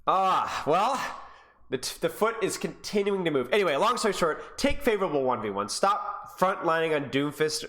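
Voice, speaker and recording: A man's voice: expressive, moderate pace, bright, forceful tone. Exasperated man coaching over gameplay. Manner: exasperated, teasing, rises higher when frustrated. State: sick. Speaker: game coach. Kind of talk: gameplay review commentary.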